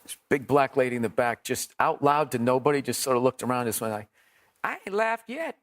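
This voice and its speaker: A middle-aged comedian guesting on a podcast speaks quickly in a mid-range voice, telling profane, animated stories in casual chat. He often laughs at his own jokes.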